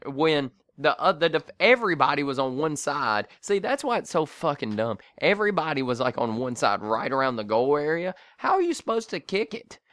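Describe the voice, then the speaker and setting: A man's voice: fairly high pitch, animated, normal speed, few pauses, a bit bright, dry recording. A man co-hosting a podcast, ranting in a crude, jokey way during casual banter. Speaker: podcast co-host.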